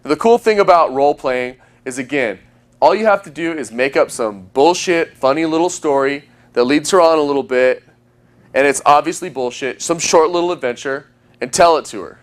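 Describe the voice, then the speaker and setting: A man giving dating advice as a coach, talking emphatically and using long pauses for effect. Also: a little high. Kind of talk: instructional talk.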